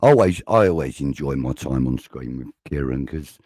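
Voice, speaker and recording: A man's voice: rumbling low, expressive, moderate pace, darkish tone, dry recording. A man hosting a casual live-stream chat, rambling and reading out viewer comments. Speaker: host. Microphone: video call.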